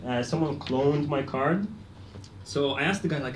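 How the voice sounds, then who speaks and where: A young man from Poland, doing a deadpan, self-deprecating stand-up set on a comedy club stage. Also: on the high side, normal speed. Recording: echoey club, mic at a distance, loud noise. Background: audience laughter.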